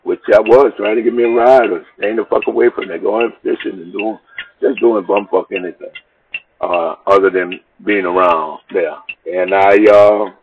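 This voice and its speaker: A man's voice: fairly low pitch, normal speed. A man telling a long, rambling personal story in casual, profane speech, acting out the people in it. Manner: rambling, profane, animated retelling with quoted dialogue. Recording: dull lo-fi recording with faint noise.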